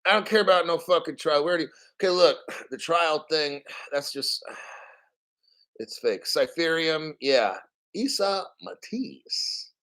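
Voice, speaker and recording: A man with a somewhat high voice rants on a casual livestream. He is profane and emphatic, and he keeps hammering his points with rhetorical questions. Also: animated, measured pace, pushed and bright. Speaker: crypto livestream host. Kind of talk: casual live-stream rant.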